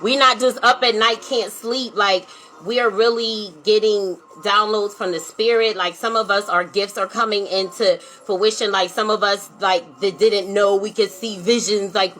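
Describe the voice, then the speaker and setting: Her viewers hear a spiritual coach speaking earnestly and casually from the heart, repeating herself and leaning on "right?" and "like" over and over. She talks a little slowly in a steady, medium-pitched, fairly bright voice, and the recording is rough.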